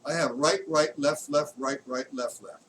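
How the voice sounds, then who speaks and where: A man's voice: fairly high pitch, fairly even intonation, moderate pace, very noisy. A man teaching a live drum lesson, counting beats aloud as he demonstrates strokes. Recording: distant mic, loud drumming and clicks.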